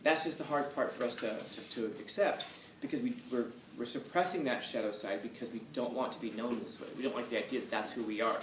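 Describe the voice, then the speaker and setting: Casting: male teacher, conversational and repetitive, at medium pitch, distant mic in a reverberant room. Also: fast talker. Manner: conversational, repeats points for emphasis. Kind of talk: classroom lecture. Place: classroom. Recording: echoey room, far from mic, faint noise.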